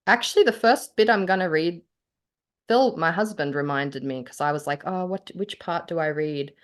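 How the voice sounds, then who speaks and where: An Australian woman with a notably low voice moves between lively chat and reading her own short fiction aloud. She laughs easily and grows emotional over her words. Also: normal speed. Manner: animated, laughs often, gets choked up. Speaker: podcast co-host and author.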